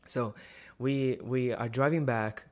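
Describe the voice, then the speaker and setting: Animated young man telling a story. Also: mid-range voice, takes it slowly. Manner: animated, many restarts and rising emphasis. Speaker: guest sharing a testimony. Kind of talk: personal storytelling.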